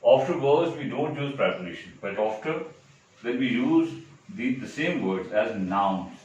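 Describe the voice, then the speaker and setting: A man teaching a grammar lesson for exam prep. He explains step by step and keeps checking in with quick rhetorical questions. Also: medium pitch, animated, darkish tone, far from the mic, muffled recording, a little hiss or hum. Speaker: English teacher. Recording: very echoey room, voice from afar.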